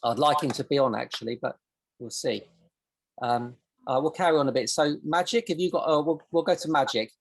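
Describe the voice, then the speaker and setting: A woman's voice: rumbling low, a little fast, creaky. A woman teaching a casual online coaching session over a video call, in a loose, rambling way with plenty of examples. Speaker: self-discovery coach.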